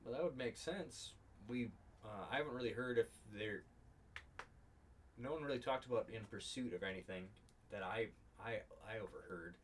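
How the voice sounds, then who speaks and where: A man voicing a friendly male orc innkeeper in a tabletop game, speaking a bit lower and quieter, with hesitant pauses. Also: a little hiss or hum, natural voice.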